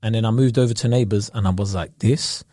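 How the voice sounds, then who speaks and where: A man's voice: lowish voice, a little fast, warm tone, no echo, studio quality. A man in casual podcast chat, eager and chatty.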